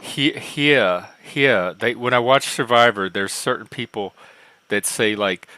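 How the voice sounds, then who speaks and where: A man's voice: mid-range voice, unhurried, bright, forceful tone, smooth, dry recording. A man hosting a casual online panel, asking questions and steering who joins. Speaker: host.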